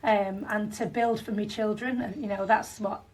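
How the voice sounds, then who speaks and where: Her voice is mid-range, steady and a little mellow, moving at normal speed and captured from a distance. She's a Northern English woman in her thirties, a franchisee sharing her story as a podcast guest in a chatty way full of fillers and restarts.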